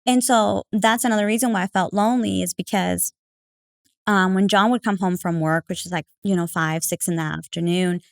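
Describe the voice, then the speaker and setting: A woman in a casual podcast conversation, talking in a chatty, animated way and slipping into the voices of people she quotes. Her voice sits at an ordinary pitch and is recorded close and dry, with no room sound. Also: normal speed, vocal fry, dry recording. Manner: chatty, full of fillers like "like" and "you know"; animated, acting out quoted remarks. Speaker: podcast guest.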